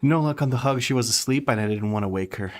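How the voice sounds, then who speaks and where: A man's voice: medium pitch, quick pace. A young man chatting casually while streaming a game, reading and answering chat with frequent laughter.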